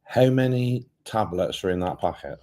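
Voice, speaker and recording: A man's voice: low voice, animated, normal speed, mellow. A middle-aged man co-hosting a casual travel live stream, chiming in with dry, teasing remarks.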